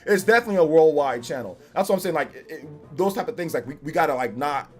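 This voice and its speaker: A male streamer talking off the cuff to his live chat, his voice sitting a little higher than most men's. He is emphatic and repetitive, circling back over the same point, with plenty of slang and frequent laughter. Faint music plays underneath. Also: lively intonation, quick pace. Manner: rambling and emphatic, repeats himself often; slangy, says "you know what I'm saying" and "bro". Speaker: live streamer reacting to a game trailer.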